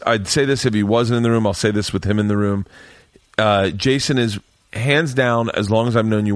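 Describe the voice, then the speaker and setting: A man's voice: lowish voice, no echo, clean studio sound. A man hosting a podcast from his home man cave, rambling through stories with plenty of swearing. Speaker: podcast host. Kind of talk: casual chat.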